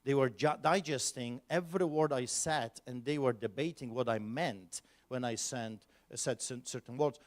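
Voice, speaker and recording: A pastor telling a personal story at a conference, animated and emphatic, with sudden loud bursts. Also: male voice, mid-range voice, moderate pace, hardly any pauses.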